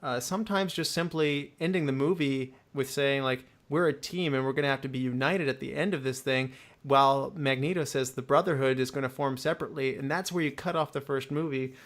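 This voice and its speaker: A young man hosting a movie podcast, opinionated and joking in casual roundtable chat. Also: mid-range voice. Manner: opinionated, joking, quick asides. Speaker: podcast host.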